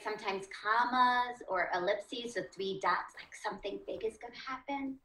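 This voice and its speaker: A woman's voice: fairly high pitch, a bit bright, reverberant, poor audio. A woman teaching a reading lesson to children, asking the class questions and encouraging them.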